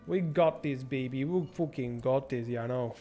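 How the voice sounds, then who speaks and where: A young man streaming a strategy game, swearing and thinking out loud as he plans and shops. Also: mid-range voice, moderate pace, faint music behind. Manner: profane, rambling, thinks out loud. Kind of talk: casual gameplay livestream commentary.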